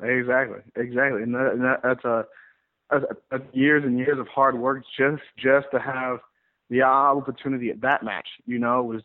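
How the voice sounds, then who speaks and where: A man who wrestles, telling stories in a rambling, animated way in a casual interview. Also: medium pitch, moderate pace. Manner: rambling, animated storyteller with many restarts. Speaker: pro wrestler guest. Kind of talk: casual interview over the phone. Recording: tinny phone line.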